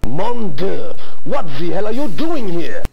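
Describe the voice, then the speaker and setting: A sleazy fake-French photographer. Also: male voice, high-pitched, huge pitch swings, measured pace, mellow, full character voice. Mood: haughty. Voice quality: raspy, gravelly, bad fake French accent. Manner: dismissive and haughty. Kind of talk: 1990s video game voice acting.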